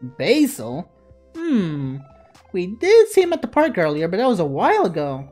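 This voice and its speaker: Woman voicing an energetic teenage boy, casual slang, lowered voice, game character. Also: moderate pace, faint music behind. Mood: concerned.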